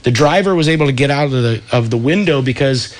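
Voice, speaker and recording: A man's voice: medium pitch, lively intonation, fast talker. A man in his thirties from California, telling a story as a guest on a radio talk show in a laid-back surfer way, full of dude and like. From Santa Cruz, California. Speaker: radio show guest, wetsuit company founder.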